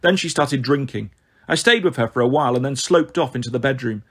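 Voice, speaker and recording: A man reading a children's novel aloud as steady first-person narration. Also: medium pitch, fairly quick, breathy edge. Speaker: audiobook reader.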